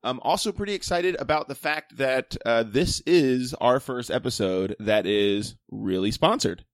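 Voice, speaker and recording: A man's voice: mid-range voice, measured pace, no room sound, studio quality. A man co-hosting a podcast, chatting casually in a rambling, jokey way with frequent restarts. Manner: rambling, self-correcting, jokey. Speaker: podcast co-host.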